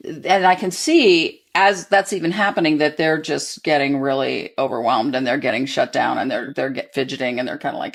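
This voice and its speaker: Low-voiced woman explaining attachment calmly. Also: normal speed, gravelly, few pauses. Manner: thoughtful, acts out example dialogue warmly. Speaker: guest expert on attachment. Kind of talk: conversational interview.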